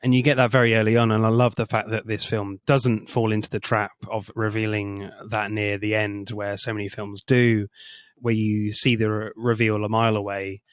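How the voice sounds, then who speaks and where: Lively man reviewing films. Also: moderate pace, hardly any pauses, smooth, no echo, clean studio sound. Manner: animated, laughs often, jumps high in pitch for jokes. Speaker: podcast co-host. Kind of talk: casual film review chat.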